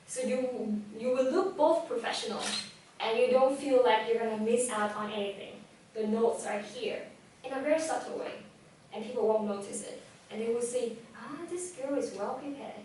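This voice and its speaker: A young woman whose first language is Vietnamese, giving a lively, direct talk on public speaking to a live audience. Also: a little high, a little hiss or hum. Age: young adult. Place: event hall. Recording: echoey hall, voice from far off.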